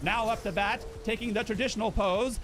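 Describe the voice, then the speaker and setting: A man voicing an old-time male baseball radio announcer with a Mid-Atlantic broadcast delivery and booming, showy play-by-play. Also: fairly even intonation, a little fast, fairly bright tone. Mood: announcing. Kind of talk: comedic impression during a game stream.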